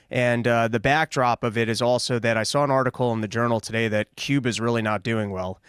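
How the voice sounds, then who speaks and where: A man co-hosting a podcast, speculating on politics in a measured, casual way. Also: medium pitch, steady tone, fairly bright tone, clear, resonant tone, no room sound, clean studio sound. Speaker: podcast co-host.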